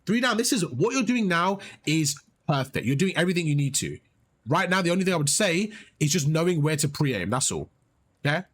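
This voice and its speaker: With a fairly high, fairly bright voice, a gaming coach speaks very animatedly and a little fast as he guides a player during live play. He's encouraging, explains each step, and repeats himself often.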